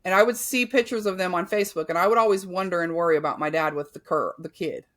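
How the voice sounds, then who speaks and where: A woman's voice: fairly low pitch, fast, a bit bright. A woman in her thirties frankly telling her own life story as a podcast host, cursing freely and restarting her sentences often. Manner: frank, profane, full of fillers and restarts. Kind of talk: candid personal storytelling.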